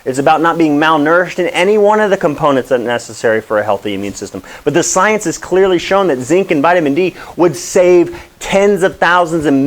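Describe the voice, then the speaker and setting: Impassioned man preaching on a vlog. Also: fairly high pitch. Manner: impassioned, preachy, rambling asides. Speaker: wellness doctor host. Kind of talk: direct-to-camera health vlog.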